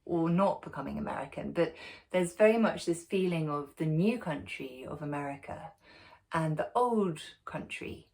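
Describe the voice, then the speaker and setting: A woman's voice: sits low, animated, moderate pace, vocal fry, a little mellow. A woman hosting a book club, talking casually to camera from home with many ums, restarts and chatty asides. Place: at home, sitting in a dog's bed.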